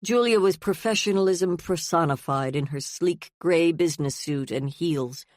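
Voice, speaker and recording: An audiobook narrator reading a novel in an even, steady voice. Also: mid-range voice, normal speed, no echo, studio quality. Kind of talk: scripted narration.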